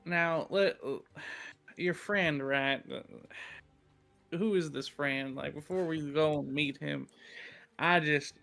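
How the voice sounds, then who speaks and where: A man playing a tabletop game as a player, talking in halting, hesitant bits. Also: on the high side, gravelly, pushed and bright, soft background music.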